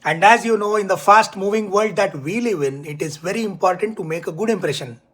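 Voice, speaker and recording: Man with a high voice, emphatic writing-coach delivery for an online lesson. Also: a bit bright. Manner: clear, emphatic, deliberate teaching delivery. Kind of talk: scripted online English lesson.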